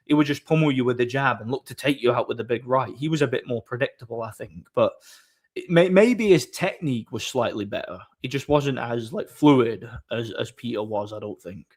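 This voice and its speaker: A man's voice: medium pitch, brisk, a little mellow. A man chatting casually on a live stream, opinionated and rambling, often repeating words as he thinks. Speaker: streamer host. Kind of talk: casual chat answering viewers.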